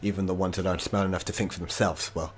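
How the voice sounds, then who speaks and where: A man's voice: low voice, level tone, rapid-fire, lightly acted. A man voicing a greedy, scheming male crime boss who swears and rants about lost money. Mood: bitter. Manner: angry then pleading, swearing.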